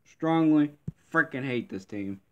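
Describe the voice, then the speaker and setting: A man's voice: lowish voice, takes it slowly, muffled recording. A man giving live gameplay commentary, grumbling and complaining in frustration with mild cursing throughout.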